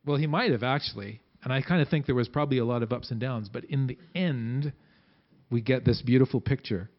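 A man preaching a sermon in a conversational way, acting out quotes with big swings in pitch and loudness. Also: a little fast, dull audio. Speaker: pastor.

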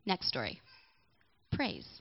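A woman's voice: slow pace, muffled recording. A young woman sharing a personal testimony at a church gathering, talking candidly and chatting with people in the audience. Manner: candid and chatty, with asides to listeners. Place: church hall with a live audience.

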